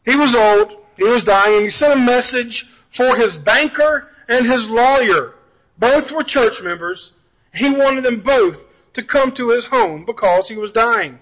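A male pastor delivers a sermon in a strikingly high voice, moving from story-joke illustrations to earnest appeals. The recording is muffled and lo-fi, like a church audio feed. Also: lively intonation, a little slow. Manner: storytelling preacher, jokey asides then earnest.

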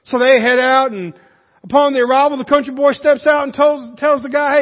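A man preaching a sermon, telling a folksy story with lively animation. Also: very high-pitched, a little fast, long reverb tail, highs cut off. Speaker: pastor.

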